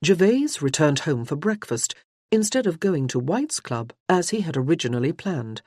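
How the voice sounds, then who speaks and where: A woman narrating a historical romance audiobook in a measured, expressive reading. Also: low-pitched, dry recording, clean studio sound. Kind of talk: scripted narration.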